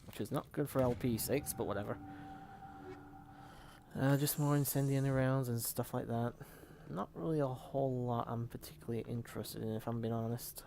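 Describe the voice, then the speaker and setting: A man's voice: medium pitch, fairly even intonation, brisk, creaky, hardly any pauses, warm tone, a little hiss or hum. Chatty man commenting on a game. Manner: rambling, chatty, swears casually. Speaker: let's play host. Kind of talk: casual gameplay commentary.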